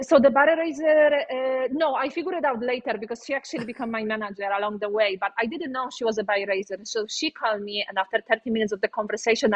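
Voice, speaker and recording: A woman from Poland with a Polish accent, an interview guest telling her career story in a lively, chatty way with frequent fillers. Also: mid-range voice, muffled recording.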